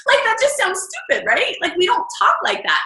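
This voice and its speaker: A woman leading a casual coaching call for her fitness business team, chatty and animated. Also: very high voice, moderate pace. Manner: chatty, animated, acts out quoted lines. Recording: echoey room.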